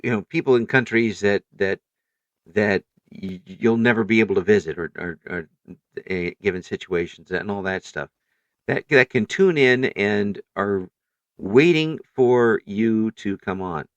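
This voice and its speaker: A man hosting a casual interview, warm and halting, repeating words as he builds his questions. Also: on the low side, dry recording, lo-fi sound. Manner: hesitant, repeats words while forming questions. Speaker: interview host.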